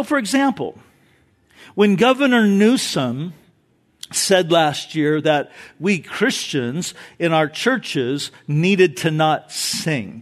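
A man preaching from the pulpit in a high, animated voice that rises and falls widely. He takes an unhurried pace and drives his points home with repeated phrases and questions to the congregation. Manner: emphatic preaching with rhetorical questions and repetition. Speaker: pastor. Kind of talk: sermon.

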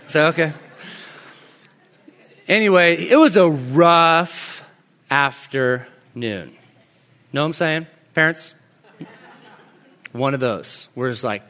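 A pastor in his thirties delivers a sermon with a noticeably high voice. He talks in a relaxed, conversational way and often sinks into soft, hushed tones while telling a story about his family. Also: normal speed. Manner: conversational storytelling, drops to soft near-whispers in anecdotes.

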